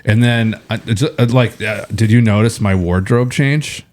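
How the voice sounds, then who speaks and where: Low-voiced joking podcast host. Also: male voice, unhurried, darkish tone. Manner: joking, restarts a lot. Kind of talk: casual chat.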